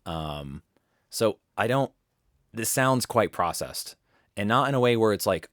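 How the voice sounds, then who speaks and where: In a dry recording from his home studio, a voice-over coach runs a live webinar for voice actors. His lowish, slightly bright voice is expressive and unhurried, and he rambles casually, often restarting his sentences.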